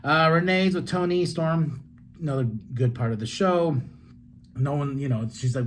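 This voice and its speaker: A man hosting a solo podcast, recapping a wrestling show in a loose, excitable way with swearing, asides and laughs. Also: on the high side, normal speed, a little hiss or hum. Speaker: podcast host.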